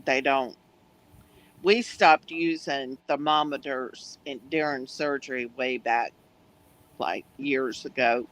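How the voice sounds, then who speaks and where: A man chats in an unhurried, measured way. His voice sits at a middling pitch, and he explains things steadily. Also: fairly bright tone, low-quality recording. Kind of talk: casual chat.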